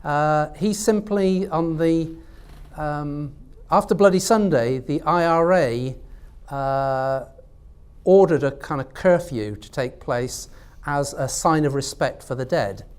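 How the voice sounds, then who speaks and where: Slow and a little mellow, a man's slightly high, smooth voice comes from a literary scholar speaking at an academic panel in a university lecture room. He hesitates often, using many fillers and restarting sentences.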